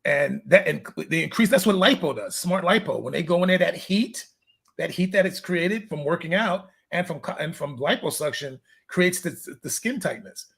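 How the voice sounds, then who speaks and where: High, husky man as a fitness coach guest, easygoing storyteller who plays out the back-and-forth. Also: animated, moderate pace, fairly bright tone. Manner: loose, storytelling, acts out conversations. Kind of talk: casual interview chat.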